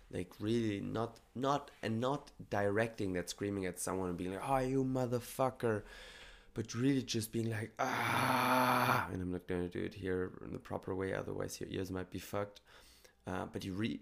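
Low gravelly man, calm coaching talk. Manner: calm, earnest, coaching tone with casual swearing. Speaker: podcast host. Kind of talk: reflective solo podcast talk.

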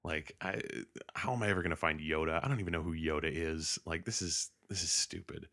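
A man's voice: very deep voice, fairly quick, creaky, pushed and bright, heavily acted. A man doing a whiny, impatient young hero. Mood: grumbling. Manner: exasperated, swearing, pleading.

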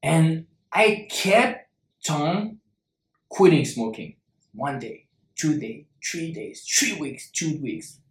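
A man speaks in an earnest self-help coaching voice and hammers key words through repetition. His voice sits a little high for a man. The sound rings with a roomy echo. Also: sing-song, slow pace. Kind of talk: motivational talk to viewers.

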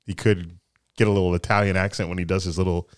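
Casting note: male podcast co-host with a lowish voice, chatty and animated, easy laughs. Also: fast talker, clean tone, no echo, clean studio sound. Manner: animated, breaks into laughing impressions. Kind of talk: casual chat.

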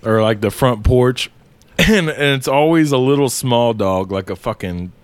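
A man's voice: mid-range voice, unhurried, no echo. A man who delivers packages, casually telling stories with a lot of laughter and swearing. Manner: profane, laughing storyteller. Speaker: delivery driver. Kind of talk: casual chat.

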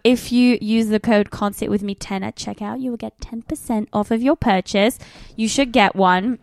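A woman's voice: on the high side, steady tone, moderate pace, creaky, a little mellow, no room sound, studio quality. A young adult woman hosting a podcast in casual chat, blunt and sweary with a self-mocking streak. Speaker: podcast host.

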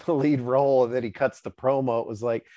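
A man's voice: medium pitch, fairly even intonation, quick pace, dark tone, no echo. A man hosting a wrestling chat, joking, laughing and asking pointed questions. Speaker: podcast host, wrestling fan. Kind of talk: casual podcast chat. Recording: dull dry lo-fi sound.

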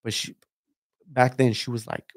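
A man's voice: mid-range voice, animated, normal speed, vocal fry, no echo, studio quality. A man guesting on a podcast, telling stories in a rambling, profane way and saying "dude" a lot. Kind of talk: casual chat.

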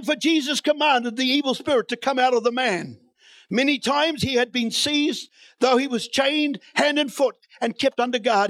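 A man's voice: very high voice, a bit bright, no room sound. A man preaching a sermon in a church, reading scripture and building to emphatic, repeated declarations.

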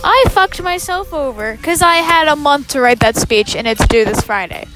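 A woman's voice: sits high, animated, moderate pace, a bit bright, soft background music. A teenage girl on a bus, chatting casually as a student podcast co-host in a sarcastic, complaining, profane way. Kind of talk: casual chat.

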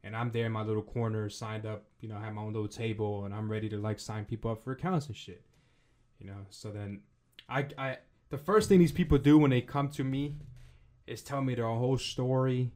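A man's voice: mid-range voice, brisk, a little mellow. A young man co-hosting a casual podcast, telling a long story in a rambling, profane, slang-heavy way. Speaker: podcast co-host.

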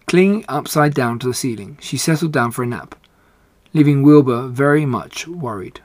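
A man reading a children's book aloud in a steady, unhurried way. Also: medium pitch, no echo. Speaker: reader.

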